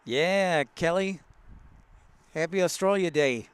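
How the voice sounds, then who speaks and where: A man's voice: on the high side, slow, clean tone, no echo. A man hosting a casual live stream from outdoors at a large airport, chatting with viewers, greeting them by name and laughing often. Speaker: live-stream host, plane spotter.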